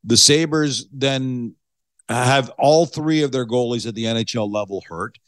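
A man's voice: mid-range voice, unhurried, no room sound. Easygoing male podcast host, dry sound. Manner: easygoing, sets up questions at length. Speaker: podcast host and hockey analyst. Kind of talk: conversational interview.

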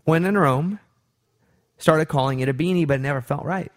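Southern man with a relaxed drawl. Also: a little high, moderate pace. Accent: Southern, Arkansas. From Arkansas. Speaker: radio show host. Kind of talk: casual studio chat with ad read.

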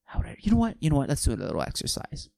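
A man's voice: mid-range voice, wildly swooping pitch, rapid-fire, gravelly, darkish tone, no room sound. A young man hosting a casual solo podcast, rambling, swearing and laughing at his own jokes. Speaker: podcast host.

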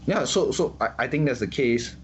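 A man's voice: medium pitch, expressive, moderate pace, slight background noise. A man from Singapore giving his views in casual talk, stumbling and repeating words often. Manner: repeats words often, many restarts and fillers. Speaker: interviewee. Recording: dull lo-fi sound.

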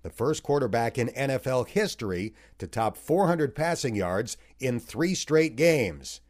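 A man reading a scripted football recap in a wry, expressive way. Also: mid-range voice, measured pace. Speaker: recap narrator. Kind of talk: scripted sports recap narration.

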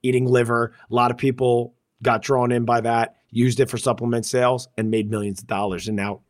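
A man co-hosting a casual podcast, telling stories in an animated way and acting out what people said. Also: medium pitch, brisk. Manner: animated storyteller, acts out quotes in a raised voice. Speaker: podcast co-host.

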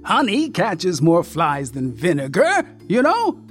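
A man voicing an eager, giggling old man with a shrill, cracked voice in a storybook reading. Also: wildly swooping pitch, faint music behind, heavily acted. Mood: gleeful. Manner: drawn-out, high, sing-song calls.

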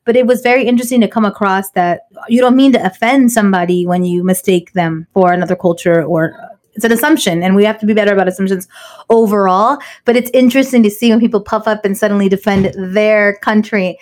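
A woman's voice: mid-range voice, fast. A woman in her thirties, co-hosting a podcast and telling stories in casual chat, switching between English and Spanish. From United States. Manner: animated storyteller mixing English and Spanish. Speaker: podcast co-host.

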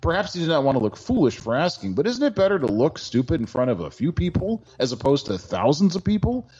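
A man's voice: fairly high pitch, sing-song, fast talker, dark tone, slightly rough, highs cut off. A male podcast co-host giving a sarcastic, mock-formal award speech in casual sports banter.

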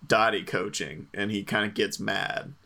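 A man co-hosting a podcast, chatting hesitantly about a film with many pauses and restarts. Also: fairly low pitch, fairly even intonation, gravelly, sharp tone. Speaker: podcast co-host. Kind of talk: casual film discussion.

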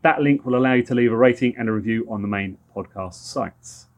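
A man's voice: medium pitch, a little fast. A middle-aged man with a London accent, co-hosting a podcast in casual, joking banter. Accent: London English. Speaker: podcast co-host. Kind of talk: casual chat.

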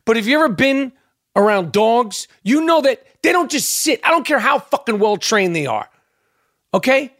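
A man's voice: extremely high pitch, big pitch swings, moderate pace, fairly bright tone, no room sound, studio quality. A middle-aged man hosting his own podcast, ranting in a heated, profane, rambling way with lots of stammered restarts. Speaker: podcast host. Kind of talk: ranting monologue.

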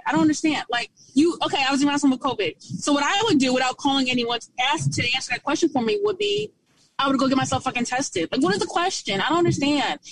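A high-pitched woman vents to friends about the calls she fields at work in health care. She is blunt and exasperated and swears freely. The talk stays casual throughout. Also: far from the mic, slight background noise, rough recording. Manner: blunt, exasperated, profane ranting. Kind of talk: casual chat among friends.

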